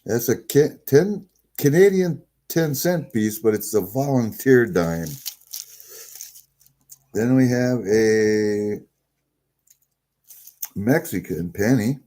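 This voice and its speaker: Speaking slowly and pausing often, an older man with a warm, medium-pitched voice stays animated as he unboxes packages at his desk. He rambles casually and greets his live stream viewers, picked up by a desk webcam.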